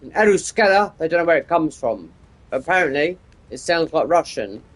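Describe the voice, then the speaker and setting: While streaming a game, a man from the United Kingdom in his 50s rambles casually in a fairly high, sing-song voice at a moderate pace. He meanders from topic to topic and often starts his sentences over.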